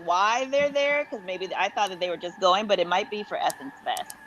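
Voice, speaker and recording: A woman's voice: mid-range voice, normal speed, fairly bright tone, muffled recording, slight background noise. A woman guest on a podcast, chatting easily with slight hesitations. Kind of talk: casual chat.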